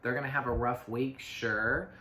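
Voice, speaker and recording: Bright-voiced man rambling in an echoey room. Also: medium pitch, fairly even intonation, normal speed. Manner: rambling, full of fillers and self-asides. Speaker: astrology reader. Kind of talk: casual spoken forecast. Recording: echoey room with faint noise.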